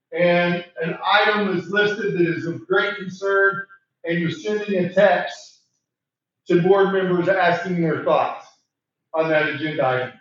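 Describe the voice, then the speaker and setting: A man leading a training session, asking the room questions and repeating words for emphasis, clearing a voice he is losing. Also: sits high, fairly bright tone. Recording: very echoey room, distant mic, muffled.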